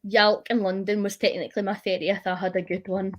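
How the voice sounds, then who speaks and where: Woman mid 30s, teasing and laughy, mid-pitched everyday voice. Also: flat delivery, fairly quick. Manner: teasing, laughs through her words. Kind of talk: casual chat.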